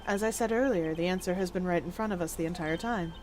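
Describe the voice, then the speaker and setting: A woman voicing a cool, formal male prosecutor who lays out his reasoning in a measured, precise way. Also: fairly low pitch, darkish tone, slight background noise, pitched below the performer's own voice, close to an everyday voice. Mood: calm, deductive.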